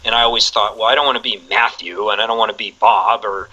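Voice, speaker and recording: Bright-voiced man chatting eagerly. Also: fairly low pitch, fairly even intonation, quick pace, highs cut off. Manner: enthusiastic, rambling with many fillers. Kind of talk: casual chat.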